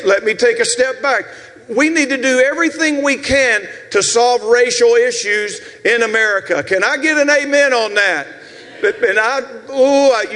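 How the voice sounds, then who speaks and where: High-voiced Southern pastor in his sixties. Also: long reverb tail. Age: 60s. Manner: preaching with shouted, rhythmic repetitions and asides to the congregation. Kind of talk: sermon. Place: church sanctuary.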